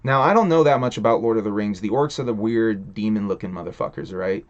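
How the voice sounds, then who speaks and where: A man's voice: on the low side, fast talker, highs cut off. A man hosting a livestream, ranting in a casual, rambling way, swearing a lot and laughing between thoughts. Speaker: stream host.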